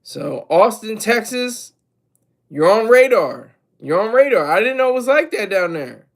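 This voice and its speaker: A man hosts an informal livestream in a high-pitched, sing-song voice, speaking a little slowly. He rambles energetically, begins sentences again, and repeatedly stops to talk to his chat.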